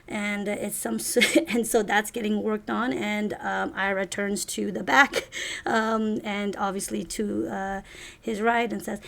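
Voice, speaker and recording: Game master, woman, gravelly, rambling. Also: mid-range voice, steady tone, a bit bright. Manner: rambling, halting, many fillers. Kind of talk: tabletop game narration.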